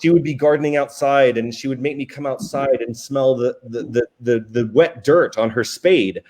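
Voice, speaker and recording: A man's voice: medium pitch, moderate pace. A man, a wine sales director and guest, telling stories casually with fillers and restarts. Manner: relaxed, chatty, frequent fillers and restarts. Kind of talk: casual interview storytelling.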